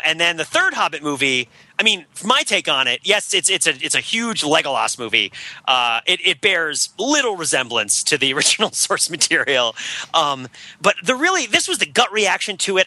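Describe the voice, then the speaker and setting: Excitable male podcast panelist, high and animated, quick to laugh and ham it up. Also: no echo. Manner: excitable, laughing, breaks into mock heavy-metal narration. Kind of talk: casual movie review chat.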